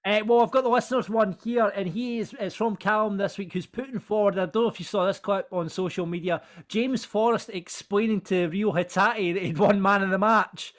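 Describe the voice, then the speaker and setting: A Scottish man with a high voice hosts a casual football podcast. He moves the talk along and reads out listener nominations. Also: brisk, hardly any pauses. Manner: steers the segments, reads listener picks. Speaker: podcast host.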